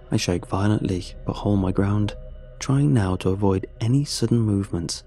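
A man narrating a first-person horror story in a measured, tense way. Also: lowish voice, warm tone, soft background music.

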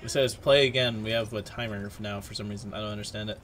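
A young man chatting casually and swearing loudly while playing an online game with friends. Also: lowish voice, steady tone, quick pace. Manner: loud, swearing, jokey. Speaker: gaming streamer. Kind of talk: casual gaming chat. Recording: game noise behind voice. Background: game sounds.

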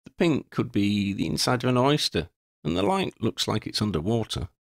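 A man's voice: fairly low pitch, expressive, moderate pace, vocal fry, no room sound, studio quality. A man voicing a clever young boy wizard who speaks tentatively and thoughtfully.

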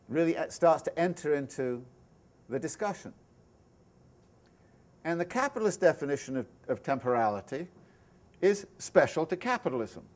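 Guy lecturing a class, kinda high-ish voice, thinks out loud and restarts a lot. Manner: thoughtful, explanatory, with restarts and asides. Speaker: professor lecturing. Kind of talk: university lecture. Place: lecture room.

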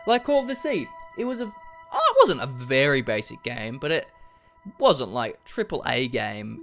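A man's voice: medium pitch, fairly bright tone. A young man casually commenting on a game he plays, swearing a lot and joking about himself. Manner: profane, self-deprecating, jokey. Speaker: let's play gamer.

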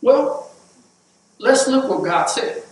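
A man's voice: very high voice, very animated, slow pace. A man preaching a sermon as pastor, repeating words as he builds to emphatic points. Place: church sanctuary. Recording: echoey church hall, mic at a distance.

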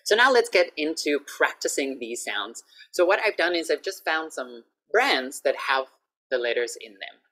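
A woman teaching English pronunciation in an online lesson over a video call, patiently repeating each word clearly. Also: deep voice, big pitch swings, normal speed, fairly bright tone.

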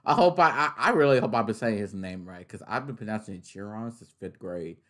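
A young man reacting to a trailer in a casual way, excitable and loud, swearing and laughing often. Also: fairly low pitch, fairly quick. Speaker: reaction video host.

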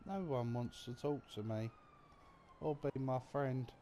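A man's voice: medium pitch, a little slow, dark tone, slight background noise. A man giving casual, crude, joking commentary over a video game, muttering as he reads things aloud. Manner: mutters while reading numbers aloud. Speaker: gaming commentator.

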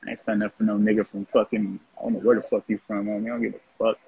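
A man's voice: lowish voice, little pitch movement, very fast, gravelly, husky, dry recording. A man from North Richmond, California, talking bluntly and brashly in a profane, mocking monologue about prison life. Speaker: former prison inmate telling his story. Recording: phone-like lo-fi audio.

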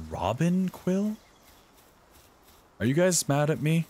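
A young man streaming a video game live, talking excitedly to the characters on screen. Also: fairly high pitch, takes it slowly, a little hiss or hum. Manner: excitable, talks to the game's characters. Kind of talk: live gameplay commentary.

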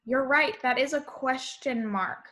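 A woman's voice: high voice, unhurried, pushed and bright. A woman teacher giving a remote lesson to young children, in a cheerful, sing-song manner.

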